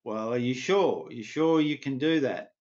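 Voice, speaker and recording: A man's voice: mid-range voice, darkish tone, dull audio, lightly acted. A man doing a cautious old village elder. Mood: warning. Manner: measured, warning tone.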